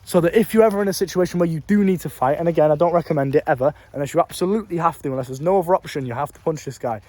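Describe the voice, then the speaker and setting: Young English man, rapid and slightly high-pitched, blunt and sweary, filming on his phone. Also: mellow, dry recording. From England. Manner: blunt, profane, emphatic with street slang. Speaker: vlogger. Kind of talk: casual storytelling advice.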